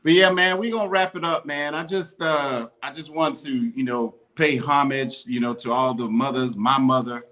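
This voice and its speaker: A man's voice: medium pitch, fairly even intonation, moderate pace, few pauses, sharp tone. A man co-hosting a podcast, talking in a heartfelt, slangy, casual way. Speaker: podcast co-host.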